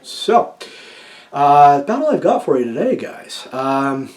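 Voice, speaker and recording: Chatty opinionated man giving writing tips. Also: a little slow. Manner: chatty, keeps checking in with "okay?"; lively, jumps between loud emphasis and low asides. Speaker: writing advice vlogger. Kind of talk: casual opinionated talk to camera.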